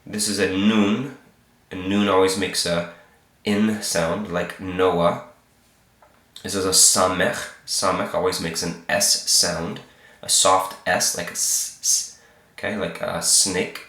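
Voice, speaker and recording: A man with a very low voice and a cold that roughens it, teaching slowly and patiently. He repeats each sound and keeps checking in with the listener. The room around him rings with echo. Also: steady tone, fairly bright tone. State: sick, slightly hoarse. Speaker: Hebrew teacher. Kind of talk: informal alphabet lesson.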